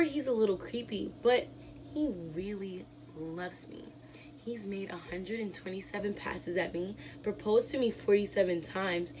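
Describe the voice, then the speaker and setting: An actress playing a wife laughing nervously. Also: female voice, medium pitch, slight background noise, natural voice, rough recording. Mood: wistful. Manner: laughing nervously between lines, swinging from loud outbursts to hushed murmurs. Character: unraveling young wife laughing through her own divorce. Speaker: actress performing a monologue. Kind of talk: dramatic monologue.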